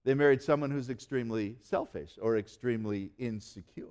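A male pastor preaching a sermon in earnest, slowing down and dropping almost to a hush to stress key words. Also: lowish voice, lively intonation. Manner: earnest preaching, slows and drops to near-quiet for emphasis.

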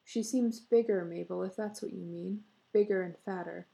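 Here is a woman playing a bearded husband who gets carried away and keeps pushing. He is boisterous and insistent, and his voice is mellow with a gravelly edge. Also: mid-range voice, steady tone, moderate pace, lightly acted. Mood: excited. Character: bearded middle-aged husband, pushy and excitable.

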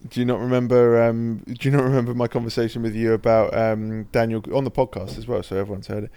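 A young man in easygoing podcast chat, his voice mid-pitched and recorded close and dry. He talks with quick, sweary interjections. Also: little pitch movement, dark tone, clear, resonant tone, no room sound. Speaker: podcast co-host. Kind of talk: casual chat.

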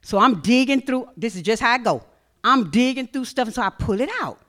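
A middle-aged woman minister giving a testimony sermon at a seminar, telling her story with animation and breaking into shouted praise. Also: fairly high pitch, expressive, brisk.

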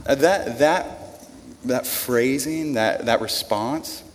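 Speaking slowly in a mid-range voice, a pastor delivers a sermon to his congregation in church, keeping it conversational, repeating words and posing questions to them. A large room's long reverb surrounds him, with a little hiss or hum.

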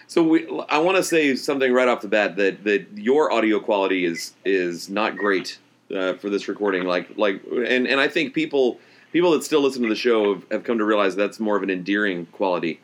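A man with a fairly low voice co-hosting a casual podcast. He hedges and restarts, fills gaps with "uh" and "like", and laughs easily at his partner. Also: brisk. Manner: hesitant, laughs often, many fillers. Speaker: blogger and podcast co-host.

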